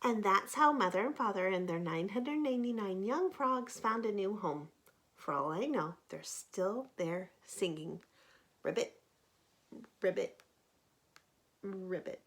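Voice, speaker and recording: A woman teacher reading a picture book aloud to children, pausing to ask them questions. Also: medium pitch. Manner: animated, asks the listeners questions.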